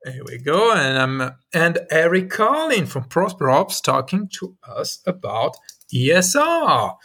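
A man's voice: fairly high pitch, big pitch swings, measured pace, bright, forceful tone, breathy edge. A man with a French accent hosting an interview show, welcoming listeners and guests. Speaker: podcast host.

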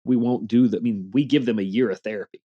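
A man's voice: medium pitch, fast talker, slightly rough, muffled recording. A man in his forties telling earnest stories in a casual interview, with a motivational tone. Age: 40s. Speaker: podcast guest.

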